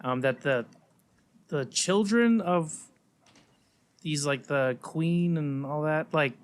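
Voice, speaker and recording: A man in his thirties co-hosting a casual podcast chat, animated and acting out quoted lines. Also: a little high, slow pace. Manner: animated, acts out quoted voices. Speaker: podcast co-host.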